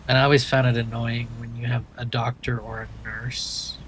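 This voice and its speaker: A man with a light Maine accent and a hint of Southern drawl chats loosely as a streamer, rambling with many restarts in a middle-pitched voice. A faint hum of engine noise sits behind him. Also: flat delivery, normal speed, a bit bright, rough recording. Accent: light Maine with a touch of Southern. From Maine, USA. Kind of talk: casual chat while playing a driving game.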